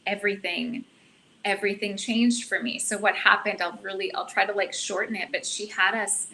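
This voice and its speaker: Guest, woman, middle-aged, earnest and animated, bright tone, faint noise behind. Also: mid-range voice, normal speed, rough recording. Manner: earnest, animated, self-reflective. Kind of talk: casual storytelling.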